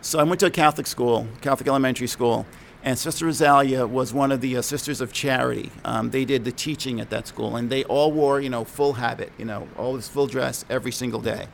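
Gravelly middle-aged man telling a story. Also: mid-range voice, steady tone, a little hiss or hum. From New York, USA. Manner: conversational, halting, self-correcting. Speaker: speaker sharing a personal story. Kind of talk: reflective personal storytelling.

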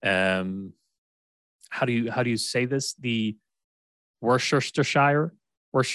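A man's voice: medium pitch, unhurried, fairly bright tone, no echo. A man from Sweden with a Swedish accent, co-hosting a podcast in easy, rambling chat and often restarting his sentences. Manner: rambling, with frequent restarts and laughs. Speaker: podcast co-host. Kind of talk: casual chat.

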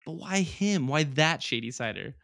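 A young man hosting a casual movie review podcast, quizzical and pressing with questions, and quick to laugh. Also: fairly high pitch, expressive, vocal fry, fairly bright tone, no echo, studio quality. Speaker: podcast host.

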